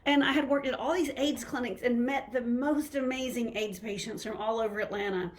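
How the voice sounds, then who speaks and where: Middle-aged Southern woman, physician hosting her own live stream, slightly higher voice, a little breathless, rambling and folksy. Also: steady tone, a little fast. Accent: Southern American. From Southern United States. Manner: chatty, rambling, with many fillers and restarts. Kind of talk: casual live-stream talk.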